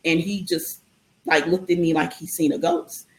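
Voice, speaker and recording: A woman guest telling a long personal story in a casual interview, animated and full of ums and restarts. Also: fairly low pitch, normal speed, echoey room, low-quality recording.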